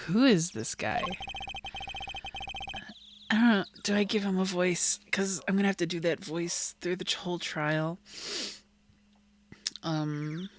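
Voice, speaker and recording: A woman's voice: lowish voice, fairly even intonation, a little slow, pauses often, background noise. A young woman casually commenting on a game playthrough, giggling and joking between lines. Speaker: gaming streamer. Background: game music.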